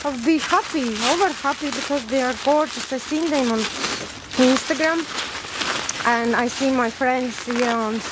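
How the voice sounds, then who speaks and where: High-voiced woman gasping over an unboxing. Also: heavy background noise. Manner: gasping and exclaiming, halting non-native English. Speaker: plant vlogger. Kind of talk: unboxing vlog.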